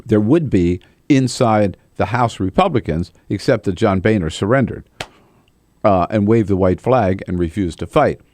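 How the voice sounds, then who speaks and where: Low-voiced male talk radio host. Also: moderate pace. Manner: animated, mocks politicians with put-on voices. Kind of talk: political commentary.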